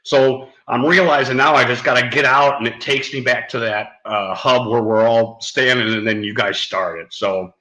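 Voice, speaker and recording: Laughing, swearing male streamer, bright voice. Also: medium pitch, steady tone, normal speed, few pauses, echoey room, poor audio. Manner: laughs often, swears freely, rambling. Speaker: live streamer. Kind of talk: casual live-stream chat.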